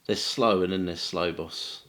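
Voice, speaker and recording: A man's voice: low voice, steady tone, unhurried, a bit bright. A man, co-hosting a hobby channel in casual, upbeat chat with a friend. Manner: upbeat, chatty, bantering. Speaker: channel co-host and editor.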